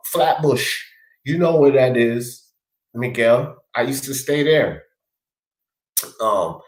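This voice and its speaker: A man hosting a casual talk stream, rambling as he reads viewers' comments aloud and speaks to them by name. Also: on the high side. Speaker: livestream host reading chat. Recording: echoey room.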